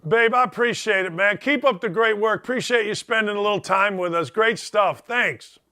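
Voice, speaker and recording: Bright, high-voiced sports talk host. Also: male voice, normal speed. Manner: blunt, casual, folksy. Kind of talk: casual interview chat.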